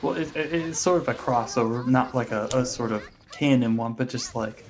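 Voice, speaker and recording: A man's voice: medium pitch, fairly even intonation, moderate pace. A man chatting casually on a gaming stream, rambling with frequent restarts and laughing often.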